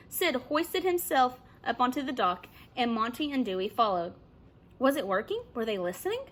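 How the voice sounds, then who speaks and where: A woman teacher reading a children's novel aloud with expressive narration. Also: fairly high pitch, normal speed.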